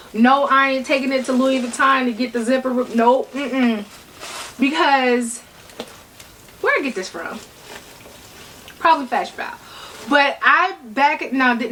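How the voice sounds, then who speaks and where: A middle-aged woman talks straight to camera in a casual, blunt and playful way. Her voice sits high and bright, and it jumps up in pitch often. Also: low-quality recording. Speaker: handbag vlogger.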